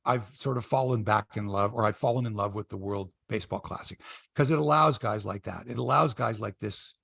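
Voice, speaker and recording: A brisk, gravelly, husky voice belongs to a middle-aged man hosting a sports podcast, recorded dry in studio quality. In casual chat he's an animated storyteller, acting out quotes in a high, raised voice.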